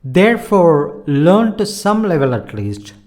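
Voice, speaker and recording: A man teaching a language lesson online, explaining in a measured, earnest way and using simple analogies. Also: on the high side, sing-song, a little mellow.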